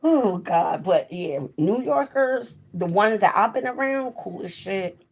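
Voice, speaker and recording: A young South Jersey woman with the local accent hosts a casual livestream, chatting candidly and rambling. Her medium-pitched voice is husky and animated, at a measured pace.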